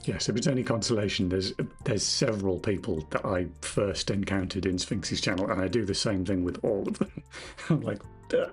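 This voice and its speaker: A man's voice: deep voice, fairly quick, faint music behind. A man streaming his game development, thinking aloud as he codes, correcting himself and chatting with viewers in a jokey, self-deprecating way. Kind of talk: casual live-stream commentary while coding.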